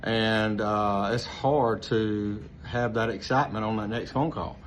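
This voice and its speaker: A man with a relaxed, rambling manner, giving casual sales training full of fillers and restarts. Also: fairly low pitch, measured pace. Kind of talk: casual instructional talk. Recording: slightly dull lo-fi with faint noise.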